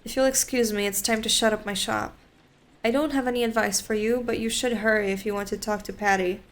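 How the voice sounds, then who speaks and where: A woman's voice: medium pitch, steady tone, brisk, lightly acted. A woman voicing a fussy, talkative old male bookseller while reading a visual novel aloud, her manner chatty and a little salesy.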